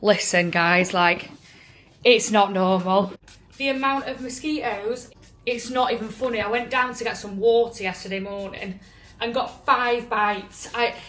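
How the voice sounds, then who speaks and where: A woman's voice: medium pitch, measured pace, fairly bright tone. A young woman from England with an English accent, chatting casually to her phone camera in a travel vlog, gushing and filler-heavy. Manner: chatty, gushing, lots of "like" and "oh my God". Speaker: travel vlogger.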